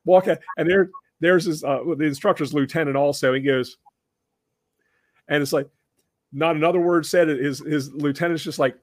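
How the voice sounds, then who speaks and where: A man hosting a podcast, telling a story casually with many restarts and animated impressions of the people in it. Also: a little high, fairly quick, dry recording. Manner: animated, acts out other people in raised voices; conversational with frequent restarts. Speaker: podcast host.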